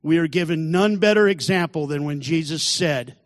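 At a moderate pace with few pauses, a man speaking a little high tells his recovery testimony as a sermon, earnestly acting out quoted voices. The audio is clean studio sound with no room noise but a big-room quality.

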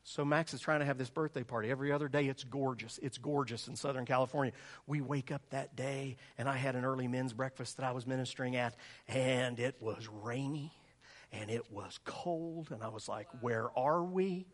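A middle-aged man preaching a sermon, telling a story with lively, animated delivery and jumping up high when he acts out voices. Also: fairly quick. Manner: animated storytelling, acting out voices in a much higher pitch.

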